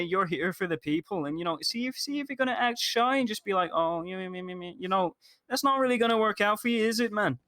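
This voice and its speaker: A man's voice: high voice, a bit bright, no room sound. A man playing a crude, laid-back police applicant in a game role-play, cocky and rambling.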